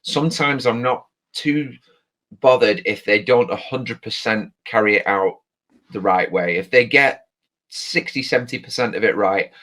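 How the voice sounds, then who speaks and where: A British man guesting on a casual movie chat, enthusiastic but halting, with many fillers. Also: fairly low pitch, sharp tone. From Britain. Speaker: podcast guest.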